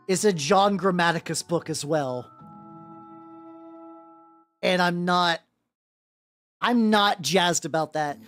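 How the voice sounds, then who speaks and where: Young woman streaming, chatty and rambly, tons of "like"s, faint music under her. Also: mid-range voice. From United States. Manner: rambling, many fillers and restarts, greets chat. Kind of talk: casual livestream chat. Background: faint background music.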